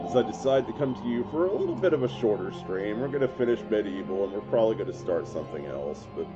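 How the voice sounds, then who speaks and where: A man's voice: fairly low pitch, quick pace. A male gaming streamer in a casual, chatty live commentary, congested and coughing from a cold. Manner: relaxed, chatty, self-mocking jokes. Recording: dull lo-fi stream audio with game music. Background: game music.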